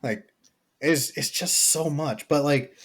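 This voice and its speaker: A young man co-hosting a podcast chats casually and profanely, leaning on "like" as he tells animated stories. His voice is lowish and his pace moderate.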